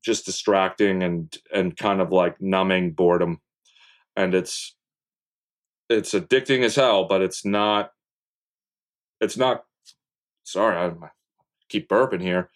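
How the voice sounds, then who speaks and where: A young man with a low voice talks as a podcast guest. He is laid-back and rambling, leans on fillers and drops casual swears along the way. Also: steady tone, moderate pace. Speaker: podcast guest, content creator. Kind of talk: casual interview chat.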